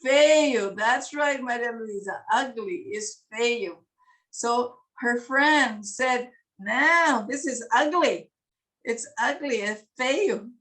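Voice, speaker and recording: Brief: patient woman teacher, slow, higher voice, a little far from the mic. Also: fairly bright tone. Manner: patient, repeats words, laughs often. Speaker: English teacher. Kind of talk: slow classroom explanation to beginners.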